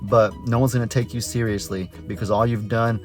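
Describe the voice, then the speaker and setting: A man's voice: fairly low pitch, fairly even intonation, fairly quick, soft background music, natural voice. A man voicing annoyed adult townsmen who lecture a prankster boy in a stern tone. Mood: scolding.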